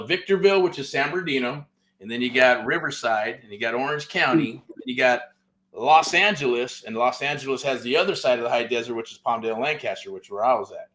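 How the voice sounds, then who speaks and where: A man's voice: mid-range voice, a bit bright. Middle-aged socal guy rambling through a real estate story, swears a lot, keeps saying right? and man. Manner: loose and profane, with many fillers like "right?" and "man". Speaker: real estate show host. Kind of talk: casual storytelling monologue.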